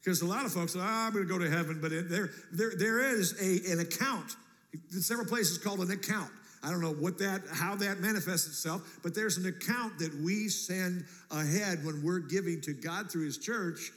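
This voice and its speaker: A man preaching a sermon as pastor, animated and jokey, acting out quotes in a church. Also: sits high, normal speed. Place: church sanctuary. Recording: long church reverb.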